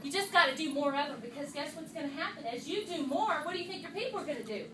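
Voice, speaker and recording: A woman giving a lively, chatty motivational talk to her team at a meeting, calling them y'all. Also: sits high, fast, echoey room, far from the mic, background noise. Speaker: sales director speaking to her team. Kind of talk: motivational talk to a live audience. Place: meeting room with an audience.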